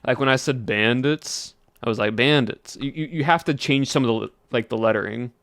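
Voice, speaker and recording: A man's voice: medium pitch, fast talker, vocal fry, fairly bright tone, dry recording. A young man streaming a game, chatting casually and rambling to his chat. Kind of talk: casual livestream chat while gaming.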